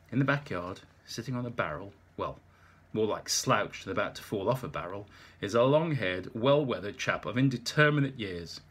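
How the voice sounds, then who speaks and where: A man's voice: lowish voice, lively intonation, moderate pace, a bit bright, breathy edge. A man narrating an audiobook in the first person, with wry, dry humour.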